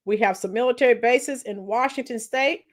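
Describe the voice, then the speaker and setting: A chatty woman with a high voice hosts a live stream and talks casually to her viewers. She greets them by nickname, reads their comments aloud and laughs often. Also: normal speed.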